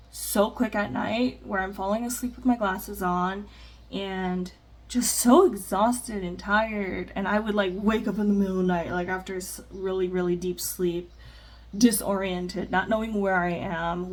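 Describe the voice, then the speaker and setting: A woman chatting candidly in a get-ready-with-me vlog, rambling with plenty of fillers while doing her makeup at home. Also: medium pitch. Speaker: vlogger. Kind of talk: casual get-ready-with-me chat.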